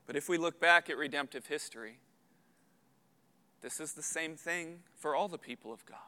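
Bright-voiced man preaching in a reverberant hall. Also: on the high side, normal speed. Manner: earnest, builds to loud emphatic peaks. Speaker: pastor. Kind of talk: sermon.

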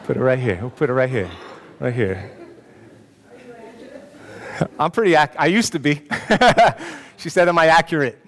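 A man's voice: a little high, animated, unhurried, pauses often. A man giving a sermon as pastor, telling a personal story in a self-mocking way and joking with the congregation. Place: church hall with an audience. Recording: long hall reverb.

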